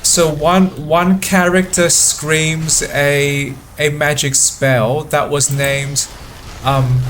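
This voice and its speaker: Slow halting guy doing chill game commentary, keeps repeating words, kinda high voice. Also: level tone, fairly bright tone, slight background noise. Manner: halting, repeats words often while thinking aloud. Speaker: gameplay commentator. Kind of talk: relaxed let's-play commentary.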